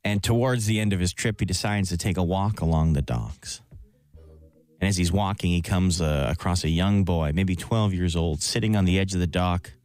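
Low-voiced man telling a shaggy-dog joke. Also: moderate pace, darkish tone, soft background music. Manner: playful, laughs often, voices characters in his joke. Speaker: radio show co-host. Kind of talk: casual radio banter, telling a long joke.

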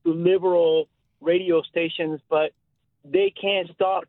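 A man's voice: on the high side, level tone, slow, no room sound. A man calling in to a radio show and asking a hesitant question. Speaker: radio caller. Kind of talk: call-in question. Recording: tinny phone line.

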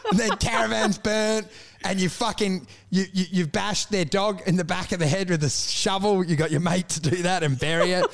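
A man in casual chat, telling stories in an animated, profane way and laughing often. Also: high-pitched, normal speed, creaky, slight background noise.

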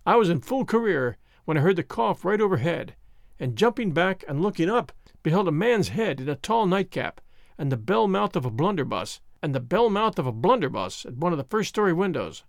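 A man narrating an audiobook at a measured pace in scripted storytelling. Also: high voice, sing-song, gravelly, no echo, clean studio sound. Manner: measured storytelling, voicing the characters.

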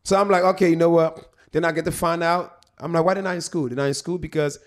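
Animated comedian man, middle-aged. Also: on the high side, quick pace. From Ghana. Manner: animated, profane, jokey storyteller. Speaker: comedian guest. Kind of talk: casual chat, storytelling.

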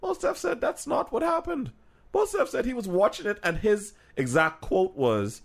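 A man co-hosting a podcast in loose, animated chat. He laughs easily and jumps into voices to act out what other people said. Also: sits high, moderate pace, vocal fry. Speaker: podcast co-host.

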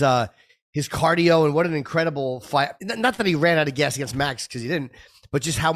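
A man co-hosting a podcast, asking questions in a halting way, with many restarts. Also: medium pitch. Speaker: podcast co-host. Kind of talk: casual interview chat.

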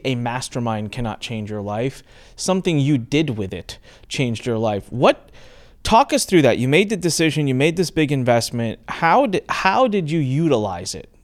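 A middle-aged man hosts a podcast conversation at an ordinary pitch. He tells stories earnestly and presses his guest with probing questions. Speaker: podcast host. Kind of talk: interview conversation.

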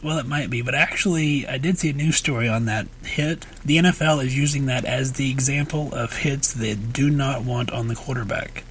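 A man co-hosting a podcast, explaining things in a measured way and raising pointed questions. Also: medium pitch, fairly bright tone, a little hiss or hum, rough recording. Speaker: podcast co-host. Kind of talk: casual podcast chat.

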